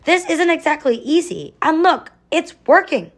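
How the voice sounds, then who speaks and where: A woman's voice: on the low side, lively intonation, moderate pace. Woman voicing a confident young girl, upbeat, breezy, storybook character.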